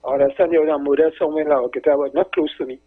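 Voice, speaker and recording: A man's voice: on the high side, steady tone, rapid-fire, husky. A man calling into a talk show, rambling and repeating himself as he tells stories. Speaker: caller. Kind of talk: casual call-in chat. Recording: tinny phone line.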